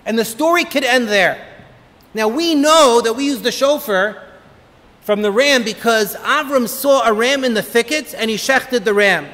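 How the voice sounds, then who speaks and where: A man, a rabbi, giving an inspirational holiday talk full of lively, humorous stories. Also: extremely high pitch, unhurried. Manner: animated, humorous storyteller. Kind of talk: motivational holiday talk with storytelling. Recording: long reverb of a hall.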